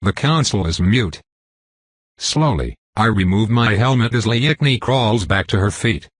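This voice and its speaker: A man's voice: fairly low pitch, animated, unhurried, breathy edge. A man narrating first-person fiction in a clipped, intense, dramatic reading. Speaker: audiobook narrator.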